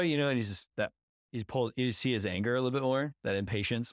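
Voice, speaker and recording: A man's voice: medium pitch, rapid-fire, dry recording, studio quality. A man co-hosting a podcast in casual discussion, upbeat and engaged as he talks through scenes. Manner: upbeat, engaged, animated when retelling scenes. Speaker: podcast co-host.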